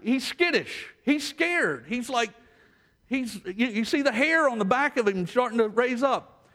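A man preaching a sermon as pastor, telling stories and moving between hushed asides and rising intensity. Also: very high voice, expressive, measured pace. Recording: long hall reverb.

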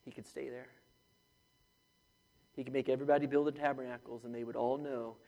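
A man preaching a sermon as pastor, animated and joking, acting out the voices in his story. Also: medium pitch, a little fast, big-room sound.

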